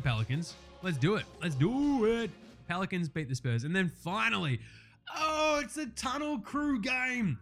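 A man hosting a casual sports picks show, swearing freely and getting heated as he calls each game. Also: fairly high pitch. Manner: profane, fired-up, ranting. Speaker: sports podcast host.

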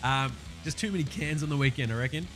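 Hoarse aussie guy doing a casual podcast, bit high voice, swears a lot, faint music under it. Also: a bit bright. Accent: Australian. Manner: brisk, swearing, slangy chat. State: hoarse, sore throat. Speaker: podcast host.

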